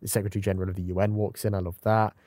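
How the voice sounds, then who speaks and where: A man's voice: fairly low pitch, little pitch movement, racing, warm tone, no room sound, studio quality. A man co-hosting a podcast, chatting casually and quoting favourite lines, often breaking into laughter. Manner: quotes lines with bursts of laughter. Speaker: podcast co-host.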